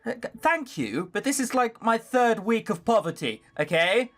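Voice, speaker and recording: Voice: mid-range voice, big pitch swings, normal speed, a bit bright, soft background music, voice pushed up. A streamer voicing a young girl fallen into poverty, delivered in a flippant, sarcastic way while reading a visual novel aloud.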